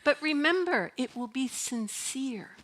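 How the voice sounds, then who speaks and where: A woman's voice: sits high, animated, measured pace, fairly bright tone. A middle-aged woman minister giving a sermon in a church, talking in a chatty, playful way and laughing often. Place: church sanctuary.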